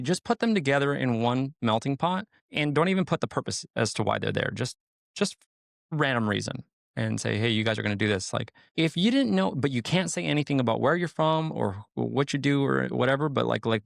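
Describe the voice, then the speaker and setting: A man's voice: mid-range voice, creaky, no room sound, clean studio sound. A man, a sheriff's deputy, talking in a casual podcast chat, rambling with lots of "like" and "you know" and swearing freely.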